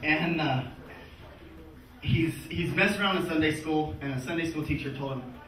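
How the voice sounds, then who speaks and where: A man's voice: on the high side, normal speed. A man in his thirties doing a crude live stand-up set, often laughing through his own punchlines. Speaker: stand-up comedian. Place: comedy club stage with audience. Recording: distant, echoey live-room recording with loud audience noise.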